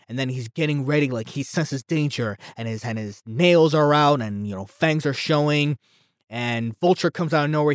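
A man's voice: mid-range voice, dry recording, clean studio sound. A man ranting casually about a movie, heated and rambling, with frequent stumbles and restarts. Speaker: movie reviewer.

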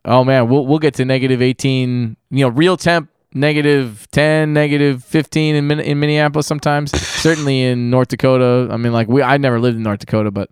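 A man's voice: mid-range voice, steady tone, a little fast, few pauses, clean tone, dry recording, clean studio sound. An American man in his thirties hosting a podcast over a video call, chatty and rambling with easy laughs. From United States. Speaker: podcast host. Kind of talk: casual chat.

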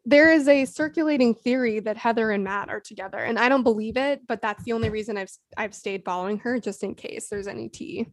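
A woman co-hosting a podcast, chatting casually in a relaxed way that trails off at the ends of phrases. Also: fairly high pitch, fairly quick, few pauses. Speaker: podcast co-host. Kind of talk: casual chat.

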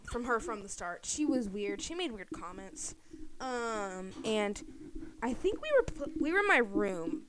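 A young woman co-hosting a podcast, telling childhood stories in casual chat with giggly, animated delivery. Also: on the high side, unhurried. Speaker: podcast co-host.

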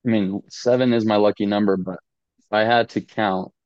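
A man's voice: lowish voice, fairly even intonation, normal speed, a little mellow, dry recording. A man who is a guest on a podcast, joking and rambling in casual banter about himself. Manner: joking, rambling, self-mocking. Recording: dull lo-fi podcast audio.

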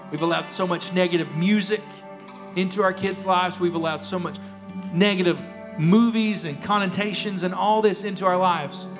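A man preaching a sermon as pastor, emphatic and repeating his key phrases. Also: high-pitched. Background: worship music.

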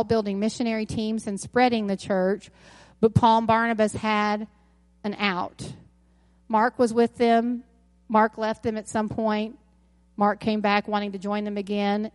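A woman's voice: medium pitch, flat delivery, normal speed, darkish tone, no echo. A woman pastor in her thirties preaching a sermon to her congregation in a church, talking in a conversational way with asides and self-corrections. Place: church sanctuary.

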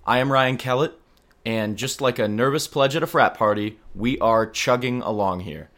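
A young man in his twenties hosting a comedy podcast, delivering a scripted monologue with deadpan, self-deprecating humor. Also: medium pitch, normal speed. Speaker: podcast host.

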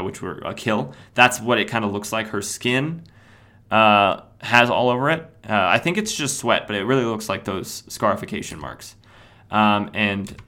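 A man's voice: on the low side, a bit bright. A man hosting a podcast, casually recapping a comic book, rambling and correcting himself as he goes. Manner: rambling, self-correcting, many fillers. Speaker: podcast host.

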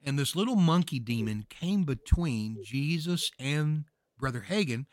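A man speaking as a guest minister, preaching with fervor and building to emphatic shouts. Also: on the high side, animated, unhurried, no room sound, studio quality. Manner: emphatic, rises to shouting peaks. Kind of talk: fervent preaching talk.

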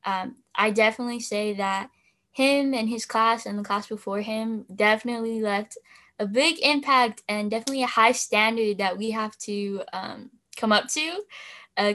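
A woman's voice: mid-range voice, a bit bright. A teenage girl and student officer talking casually on a podcast, rambling with lots of fillers and little laughs. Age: teens. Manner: chatty with many fillers and laughs.

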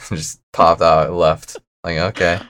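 A man's voice: low voice, little pitch movement, slow pace, a bit bright, slight background noise. A young man chatting casually as a podcast guest, laid-back and a bit mumbly, laughing often. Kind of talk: casual chat.

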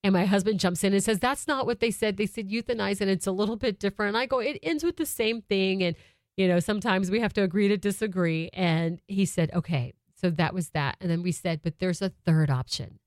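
A woman's voice: medium pitch, fairly quick, no echo, clean studio sound. Heartfelt woman telling a family story. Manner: heartfelt, emotional, conversational. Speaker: mother sharing a family story. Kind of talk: personal storytelling monologue. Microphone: microphone, close.

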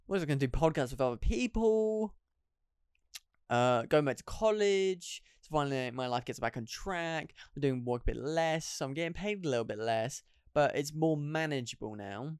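A man's voice: on the high side, a little mellow, clear, resonant tone, dry recording, studio quality. A young man hosting a casual solo podcast, rambling and poking fun at himself. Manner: rambling, self-deprecating, laughs at himself. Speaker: podcast host.

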